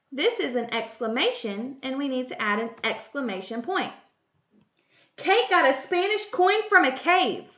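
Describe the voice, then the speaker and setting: A woman gives a slow, clear grammar lesson to young children, her high voice rising and falling as she reads each example sentence. The recording sounds dull and lo-fi, with an echo from the room around her. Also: a bit bright. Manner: deliberate, sing-song reading of example sentences. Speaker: first grade teacher. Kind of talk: slow, clear classroom instruction.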